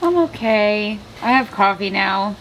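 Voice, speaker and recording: A woman's voice: medium pitch, lively intonation, measured pace. Woman, casual vlogger, chatty and rambling, faint background hum. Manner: chatty, rambling, frequent "like" and "I feel like". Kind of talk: casual vlog chat. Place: at family's house, working on a van.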